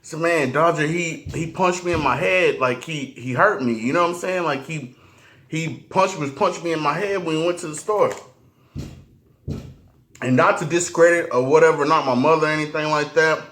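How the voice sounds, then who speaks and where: A man's voice: fairly high pitch, a bit bright. A man telling a personal story while eating on camera, slangy and profane, often stopping and restarting. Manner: halting, restarts a lot. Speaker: mukbang vlogger.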